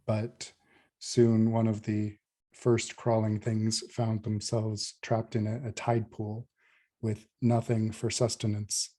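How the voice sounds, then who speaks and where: A man's voice: fairly low pitch, completely flat delivery, slow pace, mellow. A man player narrating a flashback in a tabletop game, hesitant and restarting.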